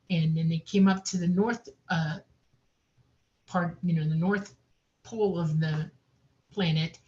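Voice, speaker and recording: A woman recounting a personal experience in a casual, animated way, laughing often and saying "I mean" a lot. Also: lowish voice, highs cut off. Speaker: guest recounting an abduction experience.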